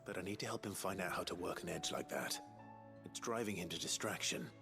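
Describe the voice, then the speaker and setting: A calm low-voiced warrior. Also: male voice, creaky, over music. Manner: calm, soft-spoken, measured.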